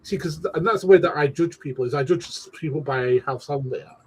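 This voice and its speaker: A man's voice: a little high, fast talker, breathy edge. A man hosting a casual political discussion, rambling with frequent restarts and mild slang.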